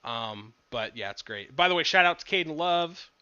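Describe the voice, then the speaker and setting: A man's voice: fairly high pitch, expressive, normal speed, bright, forceful tone, smooth, dry recording, highs cut off. A young man co-hosting a podcast, chatting casually, laughing often and reading out viewer comments. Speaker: podcast co-host. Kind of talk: casual chat.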